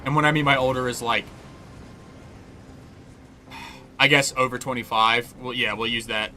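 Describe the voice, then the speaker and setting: A man's voice: mid-range voice, fairly even intonation, measured pace, pushed and bright, slight background noise. A young man streaming a game, chatting casually in a loose, profane, rambling way and laughing often. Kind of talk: casual chat while gaming.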